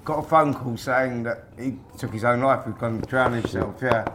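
A man's voice: mid-range voice, moderate pace, noisy background. A middle-aged man, a former boxer guesting on a podcast, telling stories in a casual, rambling way with many repeated words. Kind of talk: casual storytelling.

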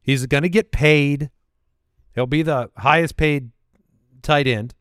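A man hosting a fantasy football podcast, rattling off statistics in a measured, confident way during casual sports analysis. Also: on the high side, fairly bright tone, smooth, no echo, clean studio sound.

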